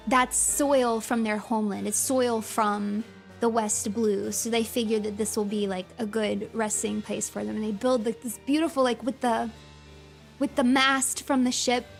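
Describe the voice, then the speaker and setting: Excitable woman with a fairly high voice. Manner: excitable and gushing, laughs often, many fillers. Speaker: streamer. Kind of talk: livestream commentary.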